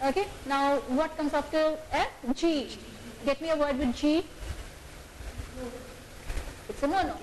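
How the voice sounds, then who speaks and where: A woman with a fairly high voice leads a phonics session. She prompts the group for words and explains teaching points. There is clear background noise throughout. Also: measured pace, long pauses. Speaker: teacher trainer. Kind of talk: instructing a phonics class. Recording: noisy room recording.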